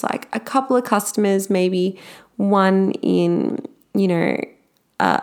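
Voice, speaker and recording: A young woman speaking casually and candidly about her own experience at work, with plenty of everyday fillers. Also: medium pitch. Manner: chatty and candid, with frequent fillers. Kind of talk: casual personal storytelling.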